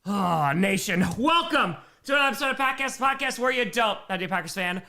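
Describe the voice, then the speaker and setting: High, bright-voiced hyped man on a live stream. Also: fast talker, hardly any pauses. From Wisconsin, United States. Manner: excitable, hyped, reads fan messages aloud. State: out of breath. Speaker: streamer doing live play-by-play and reaction. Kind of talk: live-stream play-by-play and chat reactions.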